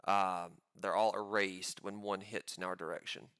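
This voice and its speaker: A man giving live commentary on his own trades, pumped up and talking in quick excited bursts. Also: low-pitched, clean tone, no room sound, clean studio sound. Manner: hyped, pumped-up chatter with sudden bursts.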